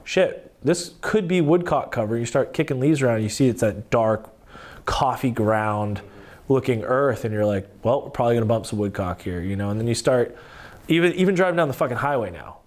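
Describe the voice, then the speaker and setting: A man talking as a podcast guest, telling animated stories in casual, profane conversation. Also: mid-range voice, fairly quick.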